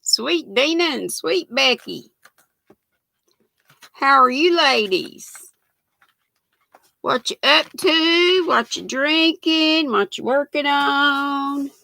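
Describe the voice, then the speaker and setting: A woman's voice: sits high, gravelly, bright, forceful tone, dry recording. A woman, hosting a live craft stream, chatty and folksy, greeting viewers by name and calling them honey. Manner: chatty and folksy, laughs often, calls viewers sweet and honey.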